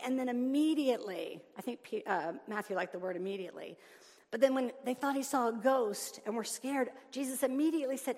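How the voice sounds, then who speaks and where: A woman preaching a sermon, animated, moving between loud emphatic lines and soft hushed ones. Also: medium pitch. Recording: long reverb of a large hall.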